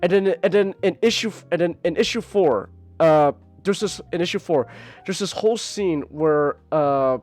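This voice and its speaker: A podcast host in casual, rambling comic-review chat, animated and swearing freely, leaning on filler words. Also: mid-range voice, moderate pace, soft background music.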